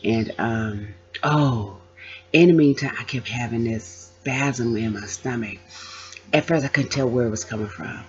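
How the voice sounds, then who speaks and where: A woman's voice: extremely low pitch, unhurried. A woman vlogger telling her own story casually, acting out the voices of the people in it. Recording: dull lo-fi sound.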